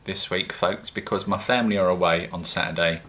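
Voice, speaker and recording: A man's voice: deep voice, fairly even intonation, a little fast, bright, forceful tone. A man with a British accent, chatting casually and rambling a little in a self-mocking home-brewing vlog. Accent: British English.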